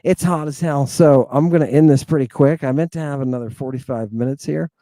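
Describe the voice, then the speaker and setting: A man's voice: mid-range voice, dry recording. Theatrical man drilling pronunciation, dry sound. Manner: theatrical, swings from loud to hushed; drawn-out, emphatic pronunciation drills. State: hot and sweating. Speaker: teacher. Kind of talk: lecture to an online audience.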